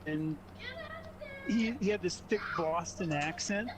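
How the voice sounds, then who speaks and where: A man's voice: high voice, slow pace, background noise. A man in casual game chat, rambling through funny stories and laughing as he talks. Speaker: gamer chatting on stream.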